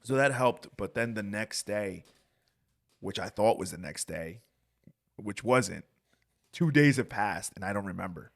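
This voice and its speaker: A young adult man telling a story in a casual, animated, profane way as a podcast co-host. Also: fairly low pitch, measured pace, gravelly, pauses often.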